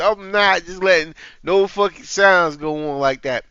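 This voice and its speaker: A man's voice: high-pitched, measured pace, few pauses, pushed and bright, clear, resonant tone, dry recording, dull audio. A man hosting a reaction video, talking in a heated, profane, casual way.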